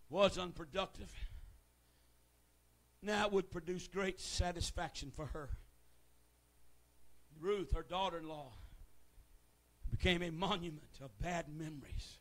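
A middle-aged man preaching a revival sermon in a church, moving from relaxed storytelling to shouted, fervent calls. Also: fairly high pitch. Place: church sanctuary.

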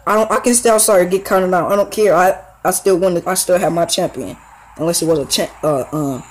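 Excitable young man narrating his gameplay. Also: sits high, a little fast, a little hiss or hum, poor audio. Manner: slangy, excitable play-by-play with fillers. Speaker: gaming YouTuber. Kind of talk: casual gameplay commentary.

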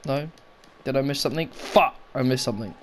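A man's voice: mid-range voice, brisk, slight background noise. A young man doing let's play commentary, swearing often and muttering sarcastically to himself. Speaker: gaming YouTuber.

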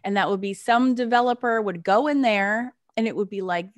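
A middle-aged American woman co-hosting a podcast, chatting in a rambling, animated way and laughing often. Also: mid-range voice, a little fast. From United States. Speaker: podcast co-host. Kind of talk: casual chat.

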